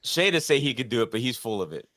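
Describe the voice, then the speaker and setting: A man's voice: mid-range voice, big pitch swings, fast talker, a bit bright, no room sound, clean studio sound. A man in his forties in casual, joking conversation as a guest on a live stream. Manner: joking, teasing. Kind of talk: casual chat.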